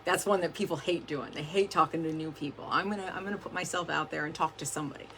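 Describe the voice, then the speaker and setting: A woman with a low, slightly bright voice talks fast in a casual motivational talk to her team on a livestream, chatty and full of "like" plus the odd swear word. The camera mic is close up and gets adjusted during the stream, with slight background noise.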